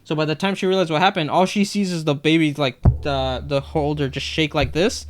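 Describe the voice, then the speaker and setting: A man's voice: fairly high pitch, a little fast, slight background noise. A young man co-hosting a podcast, casually retelling work stories and acting out what customers said. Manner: animated, acts out customers' lines in retelling. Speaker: podcast co-host. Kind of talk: casual storytelling chat.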